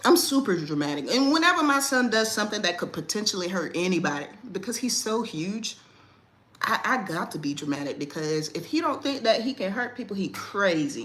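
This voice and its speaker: A woman hosts a relaxed livestream chat from home, speaking to her viewers through a phone or webcam mic. Her voice is bright and clear. She talks in an animated way and breaks into sudden dramatic yelps. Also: a little high, brisk. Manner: animated, dramatic outbursts and playful talk. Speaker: livestream host.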